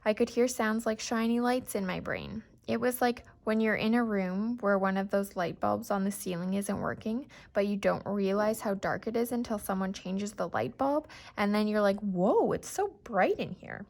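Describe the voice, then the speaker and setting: Gravelly-voiced woman reading a novel. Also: mid-range voice, moderate pace, few pauses. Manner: steady first-person storytelling. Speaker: reader. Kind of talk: audiobook narration.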